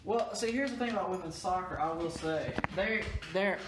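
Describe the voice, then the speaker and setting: A man's voice: high voice, moderate pace, hardly any pauses. A young man co-hosting a podcast, sleep-deprived and joking around in goofy casual banter. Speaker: podcast co-host. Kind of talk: casual chat. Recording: roomy echo with faint hiss.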